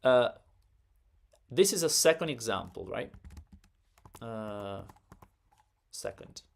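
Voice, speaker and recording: Slow, gravelly Italian-accented man teaching. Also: medium pitch, lively intonation. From Italy. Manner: explains slowly, often repeating words for stress. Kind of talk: live online language lesson.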